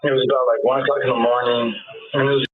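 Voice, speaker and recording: A man's voice: mid-range voice, level tone, quick pace. A man from Northern California giving a rambling, profane statement in a police interrogation, acting out the arguments he describes. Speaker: interview subject. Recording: tinny lo-fi interrogation recording with faint hiss.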